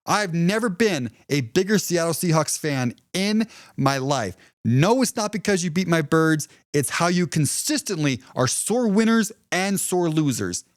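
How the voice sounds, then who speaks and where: A man hosts a solo sports podcast and rants at a rival team with heated, profane sarcasm. His pitch swings widely, leaping up when he mocks his rivals in a whiny high voice. The sound is close and dry, with no room around it. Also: lively intonation, unhurried, no echo. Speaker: podcast host.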